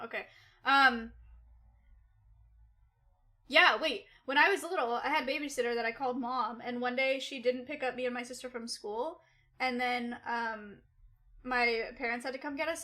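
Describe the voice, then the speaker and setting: A woman's voice: a little high, fairly even intonation, moderate pace, pushed and bright. A young adult woman livestreaming, telling a personal story to her chat in a rambling, casual way, with lots of "like" and swearing. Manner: rambling, loose and swearing, full of "like".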